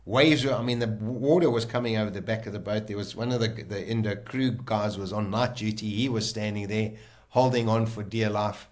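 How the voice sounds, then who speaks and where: A man, a guest on a podcast, telling a personal story in a vivid, animated way and acting out the lines people said. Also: on the low side, a little fast.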